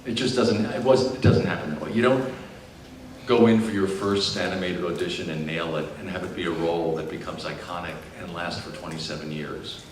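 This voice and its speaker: A man's voice: low-pitched, fairly quick. Guy telling stories on a convention panel, far off in a big echoey hall, some crowd noise. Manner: animated storyteller, lively swings from hushed to loud. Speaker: voice actor guest at a fan convention panel. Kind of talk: storytelling panel Q&A. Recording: roomy distant convention hall recording with noise.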